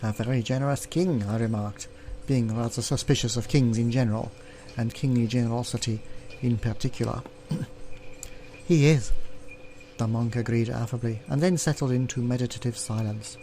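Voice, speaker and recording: A man hosting a let's play, reading a text adventure aloud and clearing his throat often, with offhand asides. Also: mid-range voice, steady tone, normal speed, dark tone.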